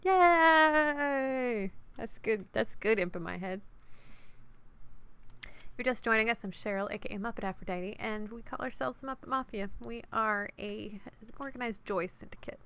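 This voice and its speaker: Bright, playful woman streamer. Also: medium pitch, normal speed, smooth. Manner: animated and playful. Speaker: game streamer. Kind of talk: reading game text aloud and chatting to a live stream.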